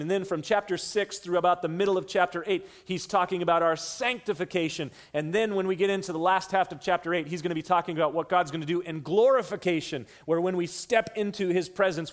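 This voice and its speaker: Earnest male preacher teaching scripture. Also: a little high. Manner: earnest teaching, shifts between slow emphasis and quick runs; repeats lines for emphasis. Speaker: pastor. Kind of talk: expository sermon.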